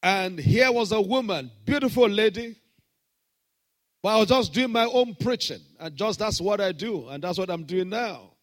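Dramatic preacher, high-pitched. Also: male voice, expressive, moderate pace. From Nigeria. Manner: dramatic swings from shouted proclamation to hushed storytelling. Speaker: pastor. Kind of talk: sermon.

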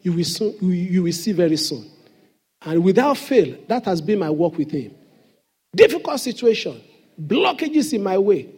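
A man's voice: high voice, sing-song, normal speed, a little mellow, breathy edge. A man preaching a sermon as pastor in a church, with emphatic call-and-response questions to the congregation.

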